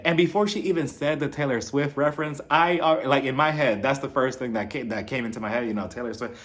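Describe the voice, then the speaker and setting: A man's voice: medium pitch, fast talker, hardly any pauses, fairly bright tone. A man recapping a reality TV episode in a casual, sassy way, laughing and talking straight to the people on the show. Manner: sassy, laughing asides, talks straight to the cast.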